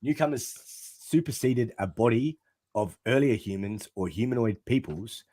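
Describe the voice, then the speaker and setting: A man co-hosting a podcast, reading a text aloud haltingly in casual chat. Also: mid-range voice, expressive, dark tone, dry recording. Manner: reads text aloud haltingly, stumbling over words. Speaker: podcast co-host.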